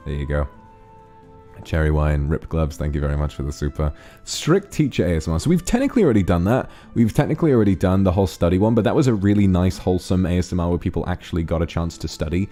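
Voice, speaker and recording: A man's voice: deep voice, lively intonation, quick pace, mellow, soft background music. A man streaming casually, rambling about ideas and thanking donors one by one. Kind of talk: casual stream chat reading donations.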